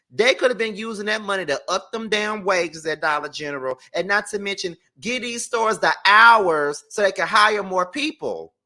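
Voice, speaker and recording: Guy doing a commentary rant, blunt and cussing a lot, bright forceful voice. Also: sits high. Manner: blunt, profane, emphatic. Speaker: commentary channel host.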